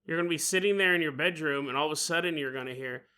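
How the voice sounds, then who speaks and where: A man's voice: fairly high pitch, racing, hardly any pauses, bright, forceful tone, smooth. A man hosting a podcast, telling a comedic horror story in a playful way, laughing often and acting out voices. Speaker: podcast host.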